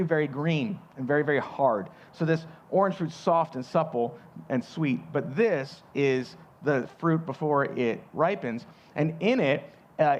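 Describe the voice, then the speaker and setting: A man's voice: a little high, dull audio. A man with a Southern US accent preaching a sermon in a conversational way, often repeating words as he restarts a thought. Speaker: pastor.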